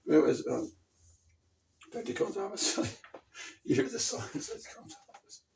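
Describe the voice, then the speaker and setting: A man's voice: high-pitched, sing-song, moderate pace, creaky, recorded from a distance, slight background noise. A man telling a rambling comedic story and laughing often.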